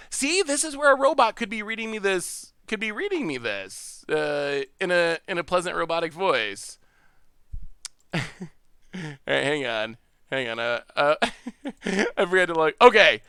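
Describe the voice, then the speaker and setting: A male streamer talks through an online card game in a high, lively voice that swoops up and down. He thinks aloud, restarts his sentences and laughs often. His sound is dry and close. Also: clean tone, dry recording. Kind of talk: live gameplay commentary.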